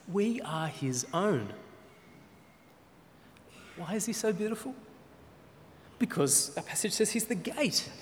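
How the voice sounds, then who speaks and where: An earnest man preaching a sermon, his voice sitting a touch high and swinging widely in pitch. He pauses often with small fillers as he explains a point. The sound carries a long reverb, as in a large hall. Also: slight background noise.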